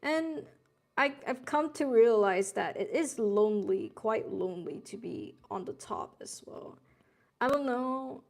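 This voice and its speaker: A woman's voice: a little high, lively intonation, measured pace, gravelly, a little mellow. A young woman streaming while she draws, chatting in a laid-back, rambling way with casual swearing and Gen Z slang. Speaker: streamer drawing live. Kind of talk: casual chat while drawing.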